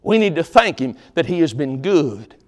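A man preaching in a church, ringing out scripture in a loud voice and then turning to folksy, conversational talk with the congregation. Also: on the high side, very animated, normal speed. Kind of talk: sermon with altar call. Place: church sanctuary.

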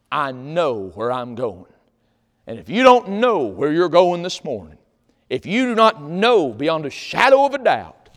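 Impassioned preacher in a reverberant church. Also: male voice, fairly high pitch. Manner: impassioned Southern preaching with sudden loud shouts. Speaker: pastor. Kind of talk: sermon. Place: church sanctuary.

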